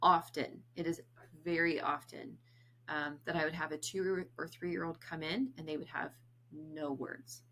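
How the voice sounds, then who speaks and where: A bright, lower-pitched woman in her thirties talks through autism diagnosis in a casual, explanatory way. She is chatty, laughs often and acts out little snippets of dialogue. Her tone has a forward, crisp edge. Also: fairly even intonation, unhurried, slight background noise.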